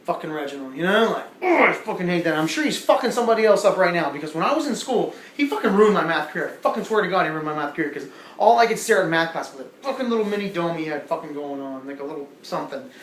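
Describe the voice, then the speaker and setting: Young male stand-up comic, profane rambling storyteller, slightly high voice, echoey club room. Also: expressive, rapid-fire, a bit bright, slight background noise. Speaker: stand-up comedian. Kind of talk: stand-up comedy set. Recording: echoey room with faint ambience.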